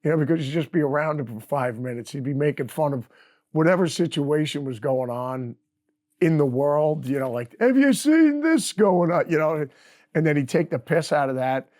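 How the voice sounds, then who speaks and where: A man's voice: a little high, moderate pace. A middle-aged man, telling a funny anecdote in a casual interview and laughing often. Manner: laughing, animated anecdote teller. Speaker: guest guitarist. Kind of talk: casual storytelling.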